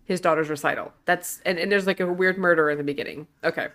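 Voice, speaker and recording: A woman with a slightly low voice, chatting on a movie podcast. She makes wry, mocking comments about the plot in a relaxed, casual way. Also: fast. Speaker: co-host of a bad-movie podcast. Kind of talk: casual chat.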